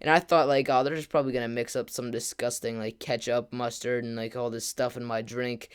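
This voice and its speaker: A man's voice: medium pitch, little pitch movement, clean tone. A man telling a casual storytime to his camera as a gaming vlogger, rambling with lots of "like" and "kinda" fillers. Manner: acts out friends' lines in quick quotes.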